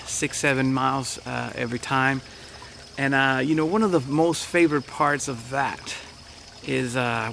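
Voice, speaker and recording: Casual pastor guy, gravelly and kinda high, lots of ums, crickets faint in the back. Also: slight background noise. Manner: relaxed, chatty, many fillers. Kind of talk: casual devotional talk.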